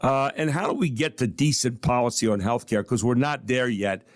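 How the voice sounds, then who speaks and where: A man's voice: medium pitch, normal speed, dry recording. Radio host guy in the studio, folksy and upbeat, lots of uhs in his ad reads. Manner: folksy, upbeat, rambling with fillers. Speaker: radio talk show host. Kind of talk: radio talk show, live reads. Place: radio studio in a downtown city.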